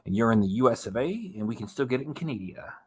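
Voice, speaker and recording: A man's voice: mid-range voice, expressive, fast talker, slight background noise. Reaction-channel host, male, loose and talkative, frequent chuckles, ordinary mid voice. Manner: chatty, rambling, laughs often. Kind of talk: casual commentary while reacting.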